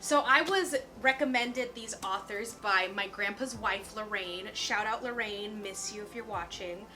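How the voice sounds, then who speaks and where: Young woman vlogger, chatty and upbeat, crisp bright tone, soft music under her. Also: medium pitch, measured pace. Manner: chatty and bubbly, peppered with "like". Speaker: lifestyle vlogger. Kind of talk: casual chat.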